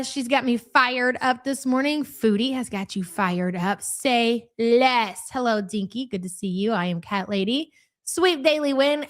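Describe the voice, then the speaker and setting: A high-pitched woman running a live stream, rattling off viewers' names at speed and teasing them bluntly. Her talk is casual and sassy, close to a desk mic at home. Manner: brash, teasing, reads chat names rapidly. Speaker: livestream host.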